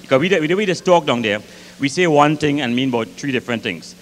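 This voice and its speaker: A Grenadian man doing comic storytelling onstage at a live concert, lively and rich in dialect, acting out the voices in his tales. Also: on the high side, quick pace, slight background noise. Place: concert hall with audience. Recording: live concert hall reverb, faint ambience.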